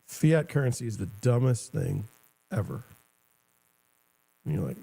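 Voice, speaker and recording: A middle-aged man riffs in a casual, sarcastic ramble, stopping and restarting his thoughts. His voice is gravelly with a warm, dark tone at an ordinary male pitch. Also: sing-song, normal speed, long pauses. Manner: rambling, sarcastic, self-interrupting. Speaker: show host. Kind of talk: casual commentary.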